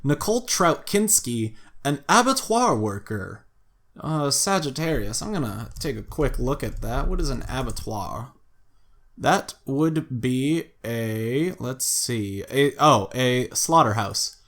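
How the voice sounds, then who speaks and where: Man, let's play commentary, casual and amused, mid pitch, reads game text aloud, occasional excited yelling. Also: takes it slowly. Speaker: gameplay commentator.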